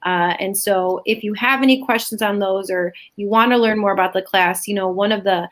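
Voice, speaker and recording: A woman's voice: medium pitch, fairly even intonation, a little fast, fairly bright tone. A woman school counselor giving chatty, filler-filled advice on a panel.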